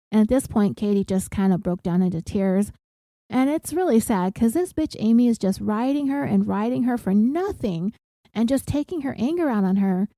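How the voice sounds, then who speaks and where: A woman's voice: mid-range voice, expressive, normal speed, warm tone, dry recording. A woman podcast host casually retelling a TV episode with blunt, profane commentary.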